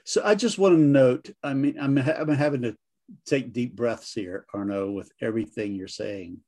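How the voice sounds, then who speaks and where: A man hosting a podcast conversation who speaks slowly and thoughtfully in reply to his guest. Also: medium pitch, dark tone. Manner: slow and thoughtful.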